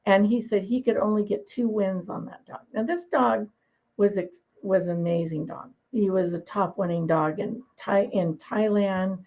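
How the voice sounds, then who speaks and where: A woman dog breeder tells her stories in a relaxed, opinionated interview. Her voice is gravelly and husky, with a grainy, rough texture. She talks in a chatty way and laughs easily. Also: medium pitch, moderate pace, low-quality recording. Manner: chatty, opinionated, laughs while telling anecdotes. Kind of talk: conversational interview storytelling.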